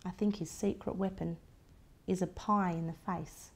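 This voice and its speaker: A woman reading a children's picture book aloud in a gentle, animated way. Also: lowish voice, normal speed. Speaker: storybook reader.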